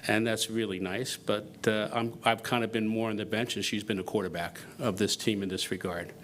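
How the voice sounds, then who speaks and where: A man's voice: fairly low pitch, steady tone, fairly bright tone, a little hiss or hum. A middle-aged man speaking hesitantly at a ceremony, with lots of fillers and restarts, shifting the credit to his wife. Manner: halting, many fillers and restarts, self-deprecating. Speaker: donor giving remarks at a university event. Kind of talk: unscripted ceremony speech.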